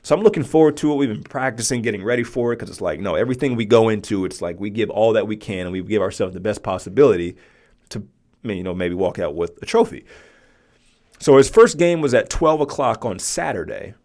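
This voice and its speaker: A man's voice: lowish voice, expressive, quick pace, darkish tone. A man in his forties, hosting a podcast and telling a personal story in a conversational way, often checking in with the listener. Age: 40s. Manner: conversational, often asks "right?". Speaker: podcast host.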